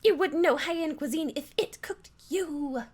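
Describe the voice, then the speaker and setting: A woman's voice: fairly high pitch, animated, a little fast, close to an everyday voice. A woman voicing a snobby young female rival chef who talks down to everyone in a haughty, snippy way. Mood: furious. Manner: condescending, haughty.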